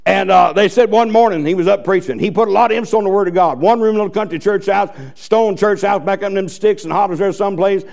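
A man's voice: high-pitched, fast talker, vocal fry, hardly any pauses, darkish tone. A man preaching a fiery, folksy sermon with bursts of emphasis.

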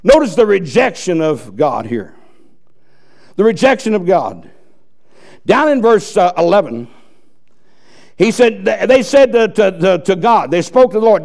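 Preacher guy, high voice with lots of gravel, fiery and folksy. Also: big pitch swings, a little slow, pauses often, a little mellow. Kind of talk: sermon.

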